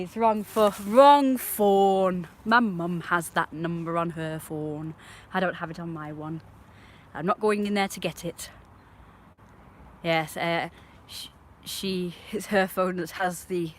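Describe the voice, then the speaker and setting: A woman's voice: on the low side, slight background noise. A woman chatting casually on a live stream, talking to her viewers and scolding her dog.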